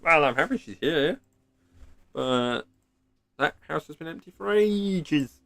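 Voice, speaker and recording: A man's voice: a little high, expressive, slow, vocal fry, fairly bright tone, dry recording, pitched above the performer's own voice, full character voice. A man voicing a nervous, scatterbrained mayor creature from a cartoony game, while reading the game's dialogue aloud. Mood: flustered. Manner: nervous, scatterbrained, repeats himself. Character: flustered, rambling small-town mayor creature. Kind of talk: voice acting while playing a game.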